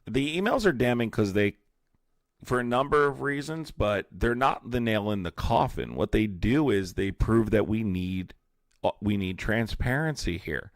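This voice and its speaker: Young male streamer, low-pitched, dry close mic. Argumentative and angry as he answers chat comments. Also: animated, moderate pace, no room sound. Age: young adult. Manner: heated and confrontational, calling out commenters by name. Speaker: livestream host. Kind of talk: live-stream chat, reacting to viewer comments.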